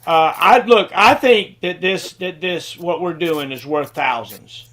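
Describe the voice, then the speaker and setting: High-pitched man, video-call host, rambling and repetitive. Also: a little slow. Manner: rambling, repeats words, warm thanks. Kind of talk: casual video-call chat.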